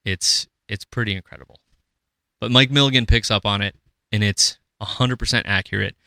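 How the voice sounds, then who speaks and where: A man's voice: fairly low pitch, a little fast, vocal fry, sharp tone, dry recording, studio quality. A man from Minnesota hosting a podcast in casual, rambling chat. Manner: rambling, restarts, acts out quoted voices. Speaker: podcast host.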